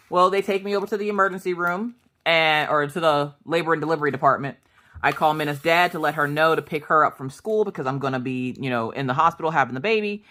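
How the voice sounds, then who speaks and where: A woman in her thirties chatting casually to her viewers, telling stories with jokes and quick asides. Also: low-pitched. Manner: chatty, jokey, animated storytelling. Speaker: crafting vlogger. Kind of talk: casual storytelling chat.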